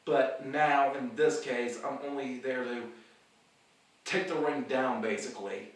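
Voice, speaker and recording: A young man talks straight to the camera about his own plans in a loose, rambling way, often repeating words before he gets going. His voice sits at an ordinary pitch for a man and comes from some distance off the mic. The room around him rings with a lot of echo. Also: fairly even intonation, unhurried. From the Carolinas. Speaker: independent wrestler and vlog host. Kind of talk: casual rambling monologue.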